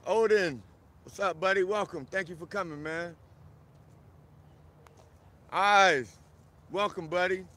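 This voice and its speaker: With a high-pitched voice, slow delivery, and long pauses, a man from South Florida live-streams casually from an outdoor park, animatedly greeting his viewers by name.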